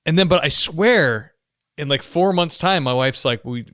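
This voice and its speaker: Animated male podcast host, dry sound. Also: fairly high pitch, moderate pace, dry recording. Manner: animated storyteller who acts out quotes. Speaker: podcast host, former police officer. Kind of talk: casual interview chat.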